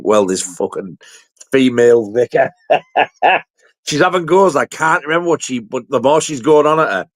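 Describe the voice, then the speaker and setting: A man's voice: medium pitch, normal speed, no echo. Crude man in dry audio. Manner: crude, swearing, animated storytelling. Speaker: co-host. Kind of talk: casual livestream banter.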